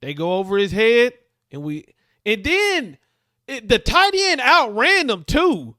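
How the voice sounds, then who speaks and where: High, lively man talking football slang. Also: no echo, clean studio sound. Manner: emphatic, slangy, drawn-out repeats. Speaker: podcast host reacting. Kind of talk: casual sports commentary.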